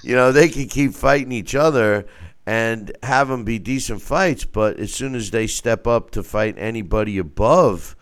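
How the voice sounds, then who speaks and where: A man talking boxing on a show as a guest, animated, with stammering restarts. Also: mid-range voice, moderate pace, smooth. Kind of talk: casual boxing talk.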